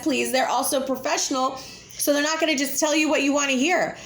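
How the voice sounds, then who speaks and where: A woman's voice: sits high, fairly even intonation, fairly quick. A woman, talking casually to camera as a vlogger, blunt and chatty, laughing often. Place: home with children nearby. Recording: echoey room.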